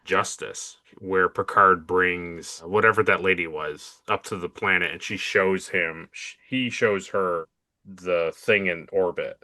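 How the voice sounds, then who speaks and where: A man co-hosting a casual podcast chat, retelling scenes quickly and with animation. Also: sits low, pushed and bright, dry recording, studio quality. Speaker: podcast co-host.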